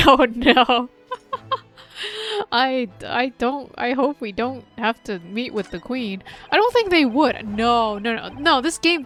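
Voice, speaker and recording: A woman streamer giving casual, playful commentary on a story game, often breaking into giggles. Her voice is high and her pace is slow. Faint music plays in the background. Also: fairly bright tone. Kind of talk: casual let's-play commentary.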